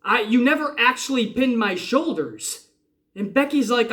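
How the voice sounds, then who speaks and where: A man in his forties or older giving a casual wrestling review, excitable and rambling, swearing freely. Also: very high voice, measured pace. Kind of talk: casual profane review rant.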